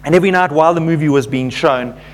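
A man's voice: a little high, fast talker, a little hiss or hum. A man preaching a sermon, telling a story to his congregation and calling them folks, growing fervent as he goes.

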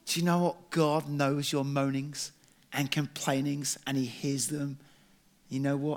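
A man's voice: a little high, level tone, a little slow. A young man preaching a sermon in earnest, telling self-deprecating stories with animation.

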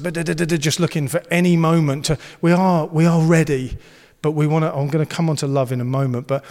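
A man's voice: mid-range voice, a little mellow, in a large hall. A man preaching a sermon, earnest and encouraging, and he slips into playful banter. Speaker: pastor.

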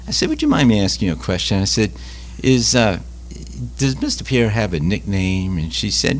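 Low voiced guy, stumbles and repeats himself a lot, tells stories, bit of hum behind. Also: big pitch swings. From Louisiana. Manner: halting, repeats words, many fillers. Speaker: Catholic food ministry leader. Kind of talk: casual interview storytelling.

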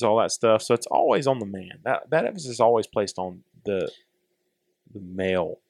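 Low-voiced man, dry podcast mic. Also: expressive, a little fast, a little mellow, no room sound. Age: middle-aged. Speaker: podcast co-host. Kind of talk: casual podcast chat.

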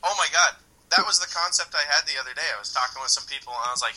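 Bright-voiced man ranting with profanity. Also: medium pitch, racing, few pauses, poor audio. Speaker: podcast co-host. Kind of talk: casual podcast chat.

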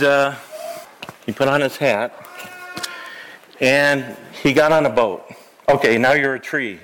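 A man's voice: a little high, fairly bright tone, poor audio. A man serving as pastor, telling a Bible story to children during a service and coaxing them to act it out. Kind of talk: children's sermon, interactive storytelling. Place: church sanctuary.

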